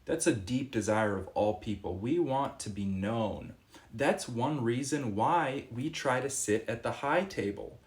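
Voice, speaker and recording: A young man talking casually and earnestly to camera as a fitness vlogger, rambling a little and acting out quoted exchanges. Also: mid-range voice. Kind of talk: casual reflective monologue.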